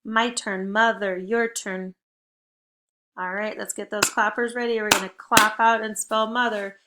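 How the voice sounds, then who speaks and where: A woman teaching a spelling lesson to young children, speaking slowly and clearly, upbeat and encouraging. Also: mid-range voice, flat delivery, sharp tone. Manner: slow, deliberate word-by-word modeling.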